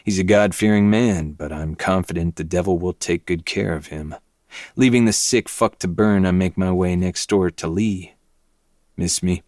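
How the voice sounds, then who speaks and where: A man reading a dark novel aloud in first person, with low, intense, brooding delivery. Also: moderate pace, dry recording, studio quality. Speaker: podcast host reading a novel.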